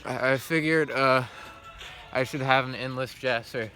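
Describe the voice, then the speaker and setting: A man's voice: medium pitch, steady tone, unhurried, pushed and bright. A man vlogging outdoors as he walks uphill before dawn. He rambles through a casual monologue, swearing and filling his talk with ums and likes. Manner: meandering, swears a lot, full of fillers. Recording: music playing under the voice.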